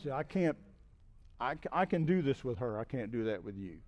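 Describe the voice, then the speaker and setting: A middle-aged man, appearing as a guest speaker, delivers a conversational sermon, repeatedly asking "okay?" to check in with listeners and building up to loud, emphatic peaks. His mid-range voice is very animated at a normal speed, and the audio sounds dull.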